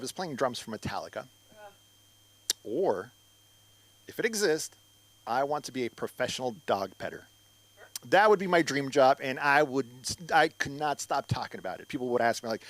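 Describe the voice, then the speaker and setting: Middle-aged guy rambling through a stand-up set on a club stage, bouncy pitch. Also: moderate pace. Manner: rambling, animated, ranting asides. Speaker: stand-up comic. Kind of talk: open mic stand-up set.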